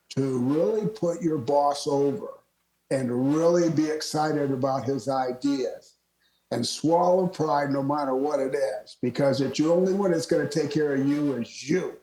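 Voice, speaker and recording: An older man from Florida, a retired wrestler, telling lively stories as a guest and laughing often. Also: on the high side, a little slow. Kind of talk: storytelling interview. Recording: roomy echo.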